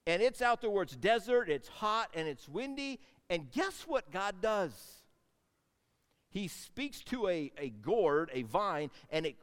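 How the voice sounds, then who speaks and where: A man preaching a sermon in a slightly high, very lively voice, telling the story with big swings between loud outbursts and hushed asides. The sound carries a long hall reverb. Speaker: pastor.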